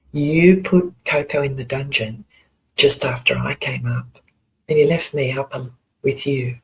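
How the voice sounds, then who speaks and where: Someone delivers a contemptuous accusation on a livestream and sometimes drops into a harsh whisper. The voice is gravelly and full of fry. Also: mid-range voice, a little slow, rough recording. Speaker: livestream panel guest. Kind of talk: accusatory monologue.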